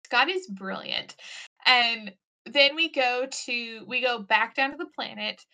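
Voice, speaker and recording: Casting: giggly woman podcast co-host, high pitch, animated retellings. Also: takes it slowly, gravelly. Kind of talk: casual chat recapping a show.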